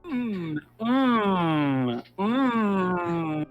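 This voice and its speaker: A game streamer teases a co-player in an animated, giggly way. The voice swings widely in pitch and sits at a middle register, with faint music in the background. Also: very slow, highs cut off. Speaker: gaming streamer. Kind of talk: casual let's-play banter.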